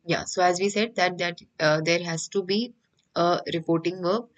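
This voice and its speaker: A woman's voice: fairly low pitch, steady tone, moderate pace, lo-fi sound. A woman with an Indian English accent teaching an online French class, patiently repeating each point.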